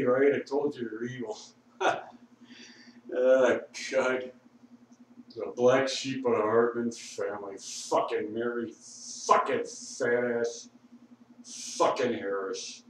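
A man's voice: medium pitch, very echoey, distant mic, slight background noise, rough recording. An intoxicated man rambling profanely with laughs, talking outdoors on a street corner. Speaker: vlogger.

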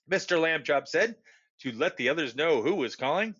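A man reads a children's story aloud with an expressive, animated delivery. His voice sits high, bright and lively in its rise and fall. The recording is dull and lo-fi. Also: normal speed.

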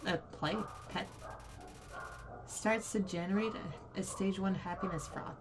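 Over a noisy background with game music, a young woman's medium-pitched voice reads on-screen game text aloud, a little slowly. Startled reactions punctuate her let's play commentary.

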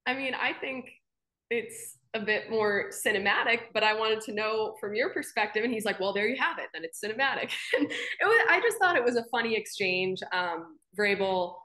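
Her voice on the high side, lively, pushed, and bright, a young sports anchor tells stories at a normal speed while being interviewed. She's chatty, laughing often and filling her speech with fillers.

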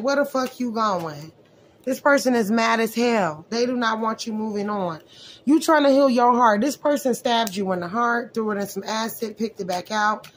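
A woman's voice: a little high, slight background noise. Blunt, cussing woman reading tarot cards. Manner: blunt, profane, animated asides. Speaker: tarot reader.

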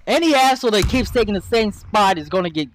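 A man's voice: sits high, expressive, quick pace, a little hiss or hum. A man giving live commentary over his own gameplay, complaining and swearing in frustration. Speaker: gameplay video host.

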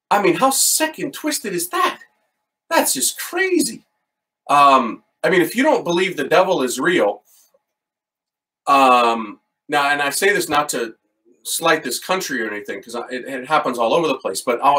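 A middle-aged man, a priest, telling a story in an animated, excitable way, with casual slang. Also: mid-range voice, recorded from a distance, poor audio. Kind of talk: storytelling talk.

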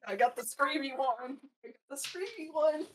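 Soft-spoken, amused woman. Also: high voice, normal speed, poor audio. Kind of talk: casual chat.

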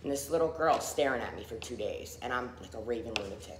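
A woman's voice: extremely low pitch, expressive, fast, hardly any pauses, roomy sound, a crowd in the background. A middle-aged woman giving a candid personal recovery testimony, full of fillers and acted-out quotes. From Philadelphia area. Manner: candid, frequent fillers, acts out quoted people.

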